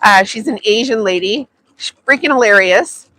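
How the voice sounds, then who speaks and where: A woman's voice: medium pitch, moderate pace, sharp tone, no room sound. A woman hosting a sewing livestream, chatting casually with viewers and laughing often. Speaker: sewing channel host.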